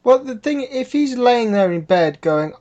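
A man's voice: extremely high pitch, big pitch swings, moderate pace, darkish tone. A man co-hosting a casual podcast, ranting in conversational commentary. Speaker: podcast co-host. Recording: dull lo-fi sound.

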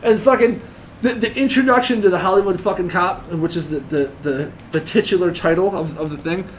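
A man with a high voice talks quickly and loosely, swearing constantly as he rambles through stories among friends. A faint hum of ambient noise sits behind him. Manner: profane, rambling storytelling with frequent laughter. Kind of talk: casual chat.

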